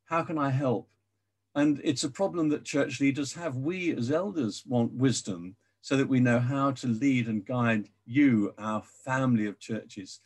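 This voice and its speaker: An older man giving an earnest sermon to his church, repeating words as he pleads gently. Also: mid-range voice, unhurried, slightly rough. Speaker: preacher.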